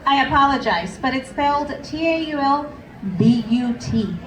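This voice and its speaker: A woman's voice: high-pitched, moderate pace. A woman emceeing a live contest in a bar, with upbeat, playful banter. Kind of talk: live event hosting. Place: crowded bar venue. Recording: echoey crowded room from far off.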